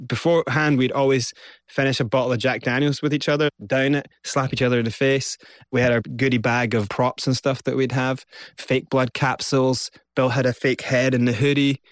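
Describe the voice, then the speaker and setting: A Scottish man tells his story as a guest in an interview, lively, and he acts out what others said. His voice sits at a middle pitch. The sound is dry and close, with almost no room. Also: fairly quick, no echo. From Scotland. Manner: animated, acts out quotes.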